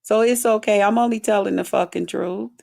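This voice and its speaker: Woman streamer going off on her chat, cusses a ton, raspy fry in the voice. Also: mid-range voice, steady tone, fairly quick, a little mellow. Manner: blunt, heavily profane, drawls mocking quotes. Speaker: livestream host. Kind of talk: profane commentary rant to chat.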